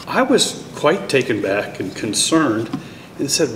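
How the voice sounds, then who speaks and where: Middle-aged dad, storytelling speech, animated quotes, distant mic in a reverberant hall. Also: male voice, unhurried, slight background noise. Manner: storytelling, acts out dialogue with raised pitch. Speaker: parent introducing his child. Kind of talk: anecdotal speech at a ceremony. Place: large hall at a school event. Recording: echoey hall, mic from far off.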